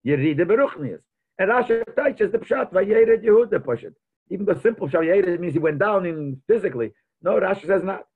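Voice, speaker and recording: A man's voice: high voice, expressive, fairly quick, slightly rough. A man teaching a Torah lesson as a rabbi, mixing Hebrew and Yiddish terms into his English and thinking aloud as he explains. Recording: tinny phone-like audio.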